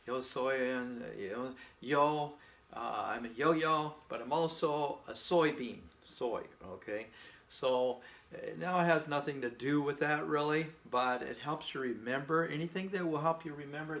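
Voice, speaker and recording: Man, language teacher, folksy and patient, gravelly voice, echoey room. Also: medium pitch, fairly bright tone. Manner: slow, patient, folksy explaining with memory tricks. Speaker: Spanish teacher. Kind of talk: informal language lesson.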